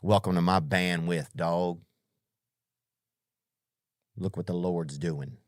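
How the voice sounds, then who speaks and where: Guy doing god as a chill slangy dude, kinda low and quiet. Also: steady tone, slow pace, dry recording, studio quality. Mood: laid-back. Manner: laid-back street slang. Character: God as a casual slangy man.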